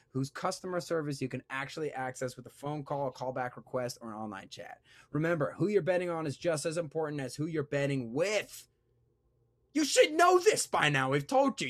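A man's voice: mid-range voice, no echo. A man hosting a sports podcast, reading an ad and chatting casually in a joking, rambling way that keeps interrupting itself. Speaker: podcast host.

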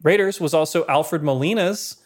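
A man co-hosting a podcast, telling film-history stories in a lively way with asides and chuckles. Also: on the high side, normal speed. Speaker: podcast co-host. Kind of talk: casual film-history chat.

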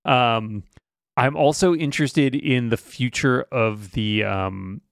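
Man, podcast co-host, gravelly, dry close-mic sound, quick joking banter. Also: medium pitch, a bit bright, no room sound. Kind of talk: casual chat.

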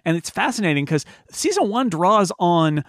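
A man's voice: sits high, big pitch swings, normal speed, no echo, studio quality. A man hosting a podcast in casual chat, enthusiastic, laughing often and restarting his sentences. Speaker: podcast host.

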